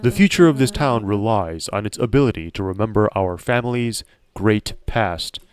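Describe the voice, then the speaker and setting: A man's voice: lowish voice, lively intonation, clear, resonant tone, soft background music, natural voice. A man playing a snobbish, bossy heiress. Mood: haughty. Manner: imperious, slow lecturing delivery. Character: haughty young woman heiress, bossy and snobbish.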